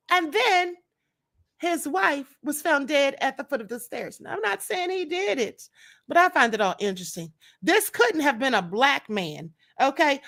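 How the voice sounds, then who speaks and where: A woman's voice: high voice, a bit bright. A woman hosting a live stream, commenting on the news in a sassy, laughing way and calling her viewers honey.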